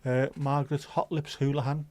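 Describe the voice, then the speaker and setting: A middle-aged man chats through a livestream, rambling from one topic to the next. His talk is loose and sweary, full of banter for the viewers. His pitch sits in the middle range. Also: little pitch movement, normal speed, a little mellow. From Liverpool, England. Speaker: livestream host. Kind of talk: casual chat reading viewer comments.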